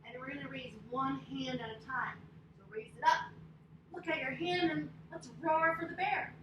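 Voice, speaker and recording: A woman leading young children through an interactive story and yoga lesson, expressive and prompting them to repeat after her. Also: high-pitched, moderate pace, dull audio. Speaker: preschool teacher leading kids' yoga. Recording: echoey, distant, noisy room.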